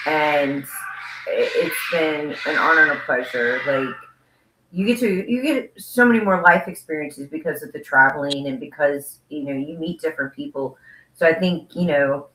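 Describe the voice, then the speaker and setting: Chatty woman co-host, bright and roomy. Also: low-pitched, moderate pace, a little hiss or hum. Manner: chatty, laughs often, rambling. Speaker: podcast co-host. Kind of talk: casual interview chat. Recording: roomy echo.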